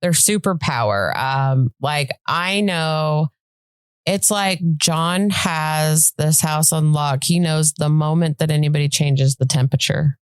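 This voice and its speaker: A woman's voice: sits low, slow pace, smooth, no echo. A woman co-hosting a podcast, chatting casually and teasingly. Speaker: podcast co-host. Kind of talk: casual chat.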